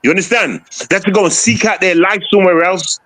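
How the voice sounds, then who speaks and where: A man's voice: fast, low-quality recording. A man with a Jamaican accent, chatting on a stream, ranting in heavy slang. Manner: loud, swings high and low in pitch, heavy slang. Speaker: stream co-host. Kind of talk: casual streamed chat.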